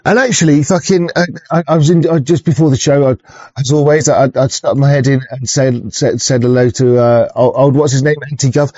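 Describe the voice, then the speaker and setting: A man's voice: medium pitch, fairly even intonation, fairly quick, warm tone, no echo. A man, hosting a livestream in a rambling, profane chat with lots of restarts, heard through a dull lo-fi mic. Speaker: livestream host.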